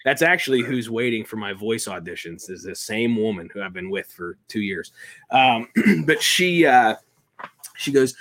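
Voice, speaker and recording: An animated man telling stories as a toy collector on an interview show. He jokes at his own expense and rambles loosely from one thought to the next. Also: lowish voice, moderate pace. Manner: animated, self-deprecating, rambling with restarts. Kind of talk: casual interview storytelling.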